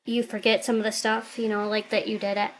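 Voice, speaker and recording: A woman's voice: medium pitch, flat delivery, fairly quick, a little hiss or hum, low-quality recording. A woman vlogger chatting casually to camera, thinking aloud in an upbeat, rambling way, recorded on a computer webcam mic.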